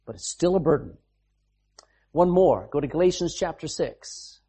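A man's voice: on the high side, lively intonation, normal speed, dark tone, a little hiss or hum. A man preaching a sermon as pastor, emphatic, reading scripture aloud and explaining it.

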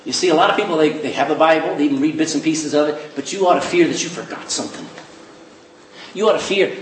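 A man preaching a sermon as pastor, animated, slipping into quick voices for the people he mimics. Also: fairly high pitch, slight background noise. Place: church. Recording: echoey church hall, distant mic.

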